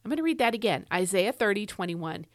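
A woman hosts a devotional podcast, her mid-range voice moving fast with big pitch swings and no echo. She teaches Scripture earnestly and emphatically, repeating her key phrases.

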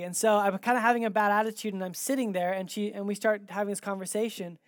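Conversational pastor telling stories, dry sound. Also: male voice, high-pitched, fast, no room sound. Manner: animated, acts out quoted dialogue in his stories. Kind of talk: sermon with conversational storytelling.

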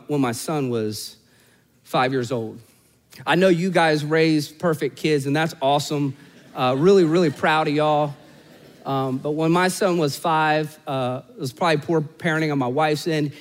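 Animated preacher man telling a story. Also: fairly high pitch, moderate pace, long reverb tail. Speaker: pastor. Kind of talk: sermon.

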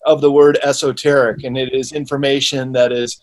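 A man's voice: medium pitch, level tone, fairly quick. A man who is an author, a guest in an interview, explaining his ideas steadily with small restarts.

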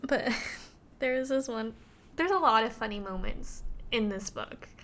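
A woman's voice: on the high side, lively intonation, measured pace, a bit bright. A woman co-hosting a casual book review chat, retelling scenes in a chatty, giggly way. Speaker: podcast co-host reviewing a book.

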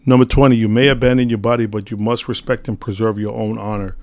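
A man's voice: on the low side, level tone, fast, a little mellow. A man giving a casual, rambling monologue on spiritual teachings, telling a parable with many fillers and restarts.

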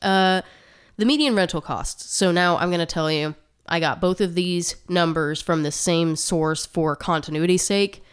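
Woman, podcast co-host, casual chat, low voice, smooth tone, slightly out of breath. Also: normal speed, hardly any pauses. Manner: chatty, reads out statistics with asides. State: short of breath.

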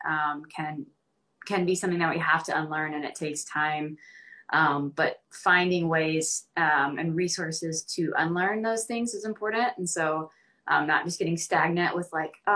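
A young woman from Arkansas talks as a podcast guest, loose and earnest, leaning on ums and likes. Her voice sits a little low but sounds bright and forward. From Central Arkansas. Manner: earnest, many ums and likes, laughs easily. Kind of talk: casual podcast conversation.

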